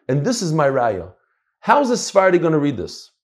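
Animated man teaching a Talmud class. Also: on the high side, moderate pace. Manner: animated, swings between loud and soft.

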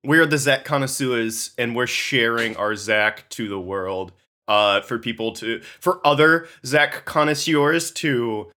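A man's voice: mid-range voice, a little slow, pushed and bright. A young man co-hosting a podcast, rambling and giggling through casual chat with lots of fillers. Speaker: podcast co-host.

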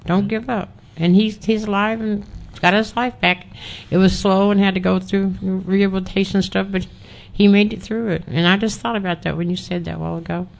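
Woman guest on a radio chat telling an old story, gravelly fry in her voice, plain and folksy. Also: medium pitch, steady tone, fairly quick, hardly any pauses. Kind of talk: casual storytelling.

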